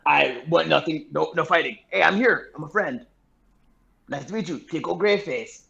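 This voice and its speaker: A cocky, flirtatious male rogue in a tabletop game, as a man plays him. His voice is gravelly and slightly raised, and it comes through dull and lo-fi. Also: on the high side, normal speed, pushed and bright, heavily acted. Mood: flirty. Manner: cheeky, flirtatious. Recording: dull lo-fi audio.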